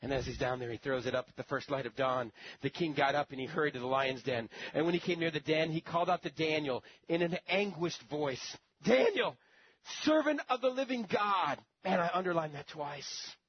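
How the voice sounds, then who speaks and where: High-voiced man preaching a sermon. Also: fairly even intonation, brisk, few pauses, slightly rough, no room sound. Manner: storytelling, dramatic, conversational asides to the congregation. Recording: dull lo-fi sermon recording.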